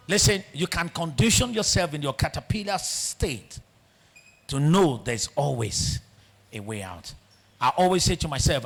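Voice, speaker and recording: A man with a Nigerian accent giving a motivational talk in a large auditorium, telling a story in an animated way that swings between loud and hushed. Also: fairly high pitch, moderate pace, vocal fry, soft background music. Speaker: guest speaker.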